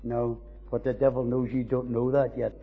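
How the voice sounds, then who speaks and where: A man preaching a sermon, swinging between soaring emphasis and quiet asides. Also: mid-range voice, little pitch movement, moderate pace, husky, soft background music. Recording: dull recording in a reverberant hall.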